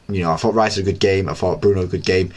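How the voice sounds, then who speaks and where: A young man hosting a casual solo football recap, chatty and excitable, rambling with lots of fillers. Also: deep voice, very fast. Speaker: football channel host.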